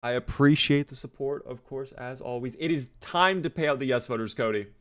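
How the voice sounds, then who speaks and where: A hoarse man commentating his own gameplay live, chatting with viewers and answering their questions. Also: medium pitch, a little fast. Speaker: streamer.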